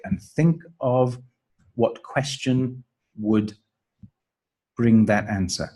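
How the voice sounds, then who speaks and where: A man working as a teacher trainer, giving a measured, explanatory walkthrough of classroom pronunciation activities. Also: medium pitch, expressive, a little mellow, husky, poor audio. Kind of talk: instructional explanation.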